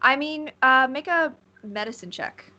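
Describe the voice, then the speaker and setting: A woman's voice: high-pitched, expressive, a little slow, pushed and bright, highs cut off. A woman narrating as game master of a tabletop game, rambling and searching for words with many fillers.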